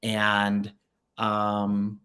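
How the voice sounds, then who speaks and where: A man's voice: on the low side, completely flat delivery, extremely slow, pushed and bright. A man hosting a spiritual direction livestream in casual chat, reading viewer comments aloud with many fillers and upbeat encouragement.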